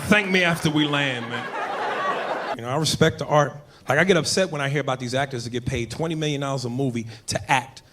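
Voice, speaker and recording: A man doing a profane stand-up comedy set on a club stage, telling loose stories and breaking into loud impressions. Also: medium pitch, quick pace, a little hiss or hum. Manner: loose, profane storytelling with bursts of shouted impressions. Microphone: handheld stage mic. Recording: live club recording with crowd laughter.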